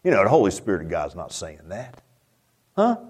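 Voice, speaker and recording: A man preaching a Baptist sermon in a folksy, animated way, often stammering and restarting. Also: sits low, fairly quick, slightly rough. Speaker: Baptist pastor.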